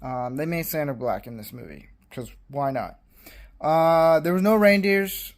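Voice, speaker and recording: A man's voice: on the high side, lively intonation, unhurried. A man giving a casual, blunt and dismissive movie review, rambling with fillers.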